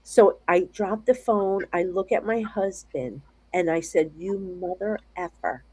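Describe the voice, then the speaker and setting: A middle-aged American woman, a psychic medium, telling stories in a casual interview from her home office over a video call, talking in an animated, rambling way with many restarts. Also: mid-range voice, a little slow.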